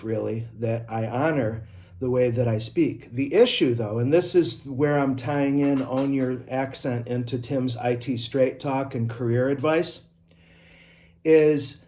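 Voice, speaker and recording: A man's voice: medium pitch, mellow. A middle-aged man with an Inland North American accent from upstate New York, an IT trainer talking casually to camera, personal and full of asides. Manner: chatty and personal, with asides and self-corrections. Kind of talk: casual vlog talk to camera.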